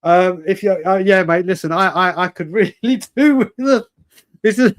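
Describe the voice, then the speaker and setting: A man's voice: high-pitched, moderate pace. Chatty man hosting a stream. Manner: chatty, rambling, laughs often, calls viewers mate and brother. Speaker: live-stream host. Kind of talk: casual live-stream fan chat.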